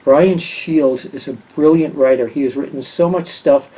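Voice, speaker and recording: A man's voice: fairly high pitch, normal speed, mellow, distant mic, poor audio. An older man giving his picks as a wrestling journalist in casual talk, rambling with many fillers and restarts.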